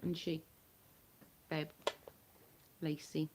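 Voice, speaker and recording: A woman's voice: low voice, flat delivery, very slow, noisy background. A woman chatting casually with viewers on a livestream from home. She is blunt and chatty, and she swears freely. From United Kingdom.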